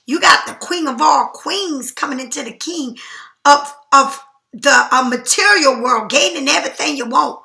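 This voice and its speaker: In an echoey room, a tarot reader talks her way through a reading, animated, loose and full of slang. Her voice sits high and bright but is gravelly, and she keeps a moderate pace.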